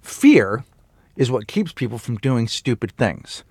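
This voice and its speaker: A man's voice: mid-range voice, big pitch swings, unhurried, darkish tone, breathy edge, no room sound, studio quality. A man chatting casually and comically as a podcast co-host, swearing freely and acting out stern parent voices. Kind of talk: casual comedic chat.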